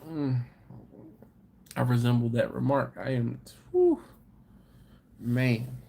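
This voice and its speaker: A man's voice: mid-range voice, very animated, measured pace, vocal fry, pauses often, warm tone. A man hosting a live stream, casually chatting and reading viewer comments with easygoing chuckles. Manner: laid-back, chuckling, chatty asides to viewers.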